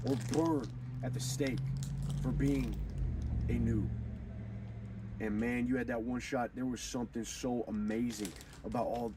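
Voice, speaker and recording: A young man hosting a gaming video, giving a preachy, profane, rambling casual monologue. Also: mid-range voice. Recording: distant mic with clear background noise.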